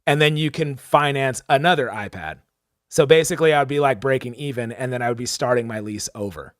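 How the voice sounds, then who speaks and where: A man's voice: mid-range voice, brisk, dry recording, studio quality. A young man co-hosting a podcast, telling a story casually and animatedly, acting out the people he quotes, with lots of "like" and "dude". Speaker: podcast co-host.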